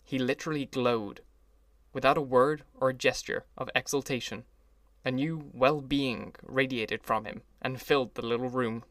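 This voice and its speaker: A man reads a classic novel aloud for an audiobook, narrating from a script in a measured, even manner at a middle pitch. The recording is close and dry with no room sound.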